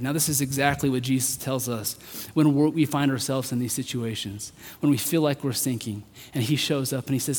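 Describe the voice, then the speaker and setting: A man's voice: medium pitch, fairly even intonation, brisk, hardly any pauses, slightly rough. Earnest preacher man in a reverberant hall. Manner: earnest, building to emphatic peaks then dropping soft. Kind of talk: sermon.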